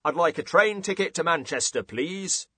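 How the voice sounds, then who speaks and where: A man voicing a confused adult man at a library desk who talks loudly and earnestly, then drops to a whisper. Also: mid-range voice, wildly swooping pitch, normal speed, slightly rough, no room sound, exaggerated voice.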